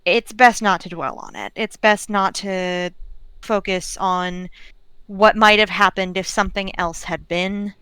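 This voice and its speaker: A woman's voice: medium pitch, bright, forceful tone, clean tone, dry recording, poor audio. A woman playing a world-weary, fatherly man in a tabletop role-play, plainspoken and swearing.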